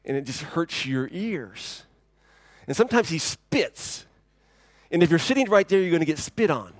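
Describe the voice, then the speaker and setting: A man voicing an earnest young church usher in a joke within his sermon, hushed and confiding. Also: a little high, no echo, clean studio sound.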